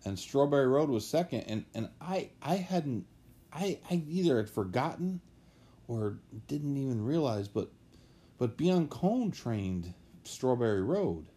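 A man's voice: medium pitch, very animated, measured pace, warm tone. A man chatting casually on a podcast as a guest, telling rambling, anecdotal stories about horse racing.

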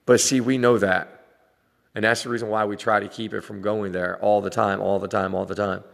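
Gravelly man in his forties ranting. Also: lowish voice, flat delivery, a little fast, long reverb tail. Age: 40s. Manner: blunt, swearing, laughing between lines. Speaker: vlogger dad. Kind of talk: casual rant to camera.

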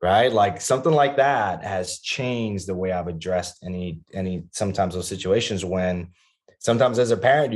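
A man's voice: deep voice, normal speed. A man in his thirties talking as a guest on a podcast about being a father, earnest and reflective, with many restarts and fillers.

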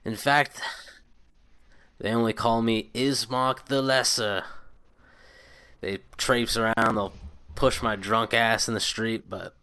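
A drunken young man, self-pitying and rude, rambling bitterly and snapping insults, as a game master puts him on. The voice sits low and rings bright and forceful. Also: fairly even intonation, takes it slowly, pauses often, clean tone, no room sound.

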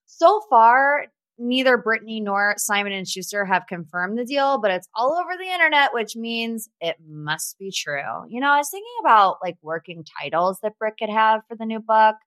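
A woman's voice: fairly high pitch, sing-song, normal speed, fairly bright tone, no echo. A young woman hosting a pop culture podcast, chatty and gossipy with sarcastic asides. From Ohio. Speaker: podcast host. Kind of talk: casual pop culture commentary.

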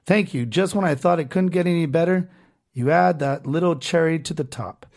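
A podcast host reads online comments aloud and rants about them in a loose, casual, profane running style. His voice is somewhat high for a man and a little mellow, and he talks at normal speed.

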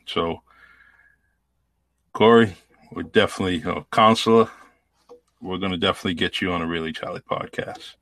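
Very deep-voiced laid-back male podcast host. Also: moderate pace, long pauses, fairly bright tone, no room sound. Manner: laid-back, hesitant with fillers. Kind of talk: casual chat.

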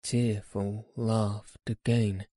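A man reading a children's story aloud in a gentle, measured way. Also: on the low side, little pitch movement, dry recording, studio quality.

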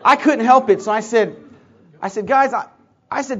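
A man's voice: sits high, brisk, dull audio. A male pastor telling a story in a sermon, acting out the lines of the people in it. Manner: animated storyteller acting out dialogue.

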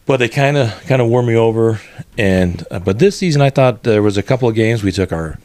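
A man's voice: mid-range voice, expressive, fairly quick, a little mellow, no echo. An older man co-hosting a podcast in casual chat, easygoing and hesitant with ums and uhs. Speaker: podcast co-host.

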